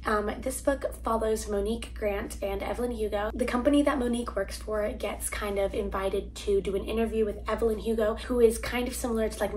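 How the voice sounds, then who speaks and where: A woman's voice: mid-range voice, slight background noise. A teenage girl chatting casually about books she read, rambling with lots of fillers. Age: teens. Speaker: book vlogger. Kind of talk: casual reading wrap-up chat. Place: home, family noise nearby.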